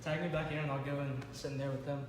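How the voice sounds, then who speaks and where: A man's voice: flat delivery, fast. A young man talking casually with a friend during a game, pleading insistently to be let back in. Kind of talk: casual chat. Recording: far off in booming echo, loud noise.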